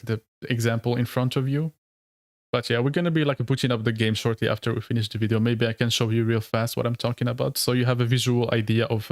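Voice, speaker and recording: A male streamer talks loosely with his viewers at a middling pitch. He rambles, leans hard on filler words and laughs often. The mic is close and the sound is dry, with no room echo. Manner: rambling, heavy use of "like", frequent laughs. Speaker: streamer and lore video creator. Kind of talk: casual live-stream chat.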